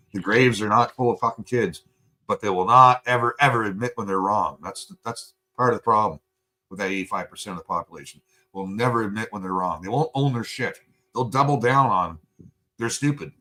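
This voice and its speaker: A man's voice: medium pitch, sharp tone. A Canadian man hosting a casual podcast chat, ranting heatedly and swearing a lot into a studio mic. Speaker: podcast host.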